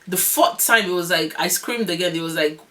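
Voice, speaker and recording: A young woman vlogger telling a long story in a casual, animated, rambling way, often laughing. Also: lowish voice, brisk. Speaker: vlogger, new mother.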